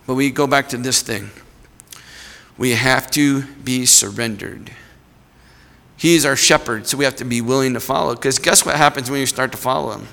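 A man's voice: medium pitch, normal speed, vocal fry, pushed and bright. A man preaching a sermon in a conversational way, acting out small voices in his stories. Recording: long hall reverb.

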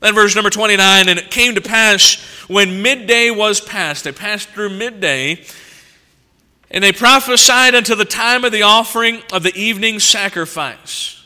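A man preaching an expository sermon, reading scripture and stopping to comment on it. His voice is high-pitched and smooth, and he moves from forceful emphasis to hushed asides. He sounds like he is in a large church, with a long reverb trailing every phrase. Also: moderate pace. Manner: animated, swings between loud emphasis and quiet asides.

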